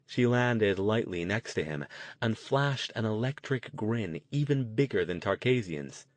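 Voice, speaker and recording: A man narrating a novel in a measured, even storytelling manner. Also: on the low side, dry recording. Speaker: audiobook narrator. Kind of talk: scripted narration.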